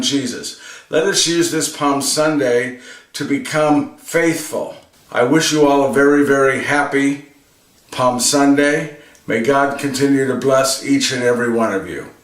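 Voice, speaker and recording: A man's voice: medium pitch, a little slow, roomy sound, distant mic. A man giving an earnest homily, repeating phrases for emphasis. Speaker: religious reflection presenter.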